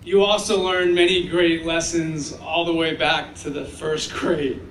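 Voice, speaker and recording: High-voiced man telling stories at a graduation. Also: a little slow, a little hiss or hum. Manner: animated storyteller, acts out children's voices. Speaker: commencement speaker. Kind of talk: ceremonial speech with storytelling. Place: graduation ceremony. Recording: echoey sound from far off.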